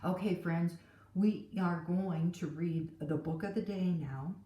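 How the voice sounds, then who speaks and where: A woman teacher reading a picture book and a Bible story to children in an animated storytelling way. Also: fairly low pitch, takes it slowly, dull audio. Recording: roomy, from a distance.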